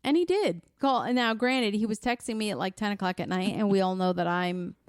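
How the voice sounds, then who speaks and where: A woman's voice: mid-range voice, a little fast, clear, resonant tone, no room sound, studio quality. A woman co-hosting a podcast, chatting casually and acting out quotes as she tells family stories. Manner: chatty storyteller, acts out quotes. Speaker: podcast co-host. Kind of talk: casual chat.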